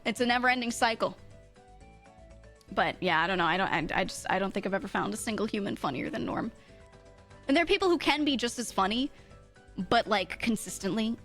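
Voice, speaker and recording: A woman's voice: medium pitch, fairly bright tone. A woman streamer telling a rambling story in casual chat, swearing freely, often laughing and correcting herself.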